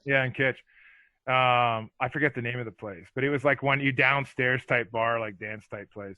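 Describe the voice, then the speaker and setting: A middle-aged man, a former hockey enforcer, telling rambling, animated stories as a podcast guest. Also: mid-range voice, normal speed, no echo, highs cut off. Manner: rambling, animated, lots of fillers. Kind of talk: casual storytelling.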